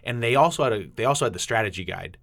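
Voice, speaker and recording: A young man with a New England accent chats casually as a podcast co-host. His voice sits a little low, and he talks in loose, rambling runs, laughing as he goes. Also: expressive, racing, gravelly, fairly bright tone. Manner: chatty, laughs often, trails off and restarts. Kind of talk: casual chat.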